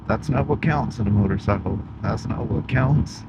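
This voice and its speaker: A man's voice: on the low side, normal speed, lo-fi sound, very noisy. Folksy man vlogging outdoors. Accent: Pacific Northwest American. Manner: folksy, chatty, rambling. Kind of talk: casual vlog chat. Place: outdoors, rural road and creek. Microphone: wireless clip-on mic.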